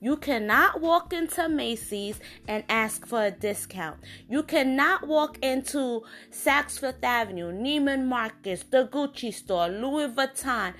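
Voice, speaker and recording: Slow-talking, frank woman host. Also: sits high, lively intonation, a bit bright, faint music behind. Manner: frank and indignant, talks with many fillers and restarts. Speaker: podcast host. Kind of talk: casual opinion monologue.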